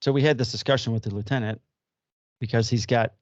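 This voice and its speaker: A man's voice: medium pitch, steady tone, fast talker, no room sound, lo-fi sound. A middle-aged man hosting a podcast, chatting in an easygoing, rambling way with plenty of ums. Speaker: podcast host. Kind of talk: casual chat.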